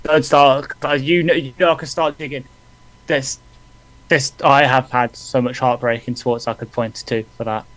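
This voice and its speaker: A man's voice: medium pitch, fairly even intonation, a bit bright, low-quality recording. A man co-hosting a live football watch-along, chatting casually and reading out player ratings. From England. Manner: quick, reads stats off in bursts. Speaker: podcast co-host. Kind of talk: casual live sports chat.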